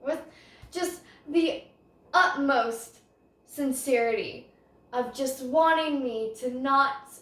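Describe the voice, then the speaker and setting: High-voiced woman, roomy and off-mic. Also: slow, fairly bright tone, distant mic. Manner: rambling, self-conscious, laughs often. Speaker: podcast host. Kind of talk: casual storytelling.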